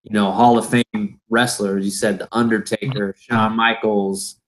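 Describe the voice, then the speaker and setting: A man's voice: lowish voice, level tone, unhurried, low-quality recording. A man hosting a podcast, asking questions in hesitant casual chat with many fillers. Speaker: podcast host.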